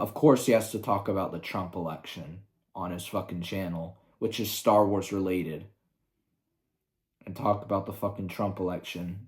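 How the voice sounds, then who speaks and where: A man's voice: deep voice, darkish tone. A young man ranting heatedly on his video channel, swearing often and sounding combative. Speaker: YouTuber.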